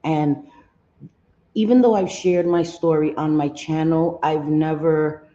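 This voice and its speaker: A low, mellow-voiced woman hosts a casual livestream, stopping to greet viewers by name as she talks things through with plenty of ums. Her voice comes through a dull, lo-fi line in a roomy space. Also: steady tone, slow. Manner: earnest, candid commentary. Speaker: livestream host.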